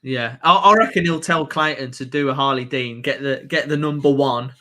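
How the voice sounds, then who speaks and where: A man with a Birmingham accent hosting a live stream, reacting excitedly to a football match, laughing and shouting at the play. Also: medium pitch, moderate pace.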